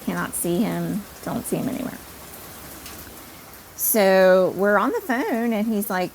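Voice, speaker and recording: Woman telling a funny story on her podcast, kinda gravelly, lively and poking fun at herself. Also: medium pitch, measured pace, long pauses, slight background noise, poor audio. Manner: animated, self-deprecating storyteller. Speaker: podcast host. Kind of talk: personal storytelling.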